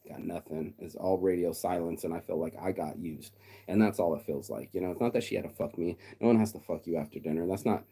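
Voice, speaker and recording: A man's voice: low voice, a little fast, dark tone, husky. A middle-aged man in a casual, profane vlog rant, blunt and mocking, often mimicking other people in quotes. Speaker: vlogger. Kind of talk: casual ranting monologue.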